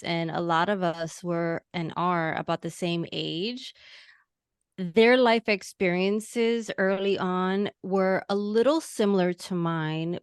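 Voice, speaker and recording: A middle-aged woman from Queens with a New York accent carrying a mild Latina lilt, talking as an interview guest. She is bubbly and effusive, and her voice is smooth and resonant. The sound is close and dry. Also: lowish voice, no room sound. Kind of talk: casual interview.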